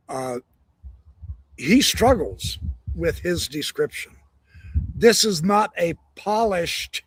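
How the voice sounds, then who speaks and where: A male host with a somewhat high, husky voice gives reflective commentary, carefully weighing his own view as he talks. The sound is close and dry. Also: fairly bright tone, no room sound. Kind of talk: reflective commentary on a played clip.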